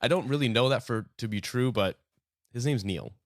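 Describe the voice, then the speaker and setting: A man's voice: mid-range voice, moderate pace, no echo, clean studio sound. A young man hosting a casual podcast, joking, swearing and rambling with lots of fillers. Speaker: podcast host.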